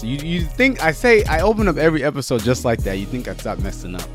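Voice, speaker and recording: A man's voice: mid-range voice, quick pace, few pauses, music in the background. A man hosting a Christian podcast, out of breath after running up stairs, chatting casually and correcting his own slips. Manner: energetic, rambling, self-correcting. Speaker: podcast host. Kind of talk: casual chat.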